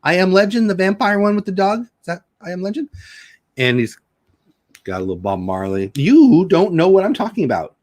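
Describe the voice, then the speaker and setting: A man's voice: sits high, big pitch swings, a little fast, a little mellow, no room sound, studio quality. A middle-aged man hosting a casual home livestream, rambling and joking while reading chat comments aloud. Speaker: livestream host.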